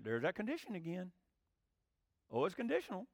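Lively preacher man. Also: high voice, dry recording, clean studio sound. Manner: folksy, questions the congregation, acts out quick quoted voices. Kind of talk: sermon.

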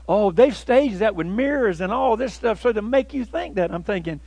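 A man preaching a sermon as pastor, folksy and conversational, breaking into loud emphatic bursts. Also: high-pitched, big pitch swings, fairly quick, no room sound.

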